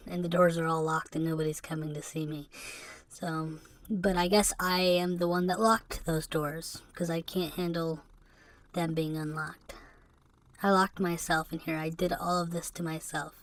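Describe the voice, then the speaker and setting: A woman's voice: low voice, little pitch movement. Subdued rambling woman podcaster. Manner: halting and rambling, with rueful laughs. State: depressed and subdued. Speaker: podcast host. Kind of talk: confessional solo monologue. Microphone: podcast microphone.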